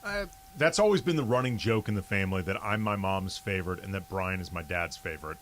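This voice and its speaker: A man's voice: sits low, animated, fast talker, a bit bright, slight background noise. A man explaining things matter-of-factly on a radio show. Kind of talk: casual on-air chat.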